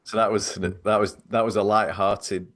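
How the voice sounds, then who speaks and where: A man's voice: lowish voice, level tone, normal speed, a bit bright. A man hosting a podcast, telling stories in a rambling, self-deprecating way and laughing easily. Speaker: podcast host. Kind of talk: casual storytelling chat.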